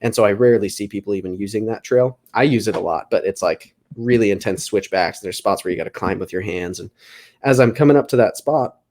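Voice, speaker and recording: A man's voice: on the low side, brisk, darkish tone, a little hiss or hum. A young man hosting a podcast, casually telling a long story full of fillers and laughs. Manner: rambling, filler-heavy, laughing through the story. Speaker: podcast host.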